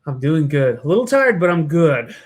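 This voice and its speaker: A man's voice: on the high side, big pitch swings. A man, co-hosting a podcast as a chef, easygoing and chuckling in casual chat. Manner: easygoing, chuckling, halting with fillers.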